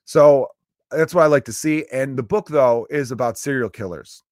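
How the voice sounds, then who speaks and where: A man hosting a comedy podcast, rambling in a casual monologue, cursing freely and bursting into loud acted-out voices, speaking close to the mic. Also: medium pitch, normal speed, no echo.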